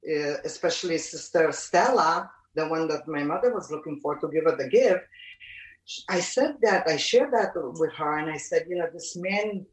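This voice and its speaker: A middle-aged woman recounts a personal experience in a slightly low voice, pausing and restarting often. She sounds set back from the microphone in a roomy, echoing space. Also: distant mic. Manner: halting, many fillers and restarts. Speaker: storyteller recounting a pilgrimage. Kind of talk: personal testimony. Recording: roomy, from off the mic.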